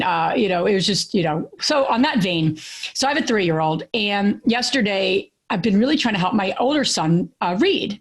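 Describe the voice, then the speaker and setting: A woman in her thirties co-hosting a podcast, telling stories in an animated way with many fillers and restarts. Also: medium pitch. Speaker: podcast co-host. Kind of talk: casual podcast chat.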